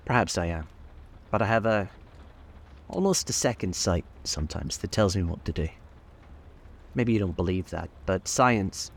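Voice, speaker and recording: A man reading the part of a brash, arrogant rich man who speaks roughly and with contempt. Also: low voice, lively intonation, moderate pace, pauses often. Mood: brusque.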